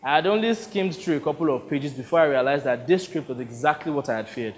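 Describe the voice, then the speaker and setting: Male audiobook narrator, dry and wry, higher register, roomy reverb. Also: fast, hardly any pauses.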